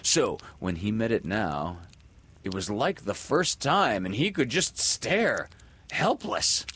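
Man reading a kids story, dramatic, goes loud then whispery, lowish voice. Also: very animated, takes it slowly, slightly rough.

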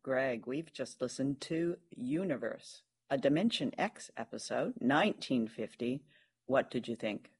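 A man co-hosts a relaxed podcast chat. He talks with eager enthusiasm at a middling pitch and fills his thoughts with ums and small laughs. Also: unhurried, a little hiss or hum. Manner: chatty and enthusiastic, with frequent fillers and laughs. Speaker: podcast co-host. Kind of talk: casual chat reviewing an old radio drama.

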